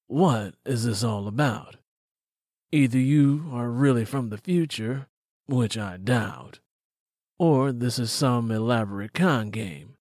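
A man reading an audiobook, voicing a stern, skeptical small-town male police officer who questions slowly and bluntly. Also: mid-range voice, a little mellow, no room sound, studio quality. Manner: slow, deliberate, blunt questioning. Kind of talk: audiobook character voice.

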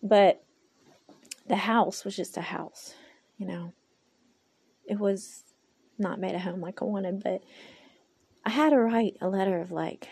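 A woman's voice: mid-range voice, a little slow, gravelly, pauses often, a little mellow, breathy edge. A woman hosting a personal podcast monologue into a phone, candid and rambling, often talking to herself aloud and speaking of her faith in God. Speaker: podcast host.

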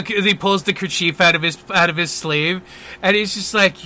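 A man's voice: sits high, bright, forceful tone, a little hiss or hum. A man narrating a tabletop game as game master, loose and casual, with many fillers. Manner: loose and quick, with lots of fillers.

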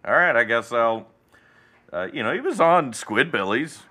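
A man's voice: mid-range voice, expressive, moderate pace, sharp tone. A man co-hosting a podcast, riffing in a sarcastic, joking manner. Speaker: podcast co-host. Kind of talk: casual chat.

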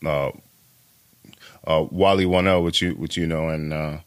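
A man co-hosting a casual podcast, speaking haltingly with many pauses and ums. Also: extremely low pitch, steady tone.

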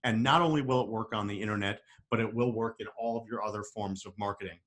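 A man's voice: on the low side, steady tone, fast talker, fairly bright tone. A man hosting a podcast, giving an encouraging introduction to the episode. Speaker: podcast host. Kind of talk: show intro.

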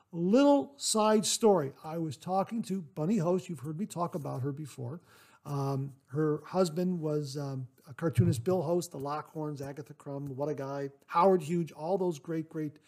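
A man hosting a casual solo podcast, reading listener mail in a chatty, rambling way with lots of "uh" fillers and enthusiastic thanks. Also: on the high side. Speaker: podcast host.

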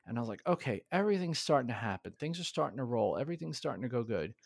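A man's voice: medium pitch, big pitch swings, gravelly, a little mellow, dry recording. Earnest man, dry close sound. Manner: earnest, halting with restarts. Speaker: podcast guest. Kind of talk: candid conversational storytelling.

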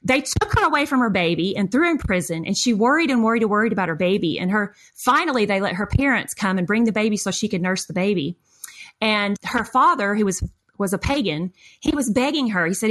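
A middle-aged woman telling a story in conversation, acting out quotes with lively shifts in voice. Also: brisk. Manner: expressive, acts out quotes with big pitch jumps.

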